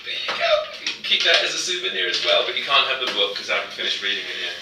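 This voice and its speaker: A man's voice: medium pitch, sing-song, racing, creaky, far from the mic, heavy background noise. A man performing a mind-reading trick as a magician, with joking, teasing patter. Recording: roomy, from off the mic.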